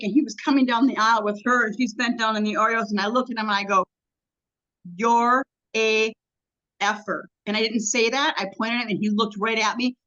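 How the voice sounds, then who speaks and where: A woman guest in a casual interview, telling a long story in a halting, rambling way with many ums and restarts. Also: on the high side, fairly bright tone, muffled recording.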